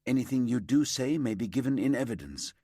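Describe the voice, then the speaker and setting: A man voicing a brisk female detective sergeant reading out an arrest and questioning a suspect, firm and level. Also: mid-range voice, lively intonation, warm tone, no room sound, studio quality, pitched above the performer's own voice. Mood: formal.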